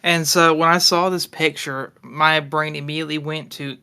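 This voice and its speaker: A young man hosting a casual podcast, leading the segments in a relaxed way and swearing now and then. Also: a little high, normal speed, hardly any pauses, clean tone. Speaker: podcast host.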